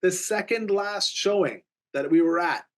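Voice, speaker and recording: A man's voice: high-pitched, a little slow. A man, a realtor co-hosting a podcast, telling a story animatedly and acting out both sides of the conversation. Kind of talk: casual storytelling chat.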